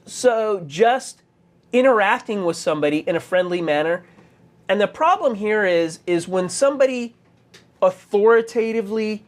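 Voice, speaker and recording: A man teaching a conversational tech course, talking with many fillers, restarts and halting pauses. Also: sits high. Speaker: course instructor.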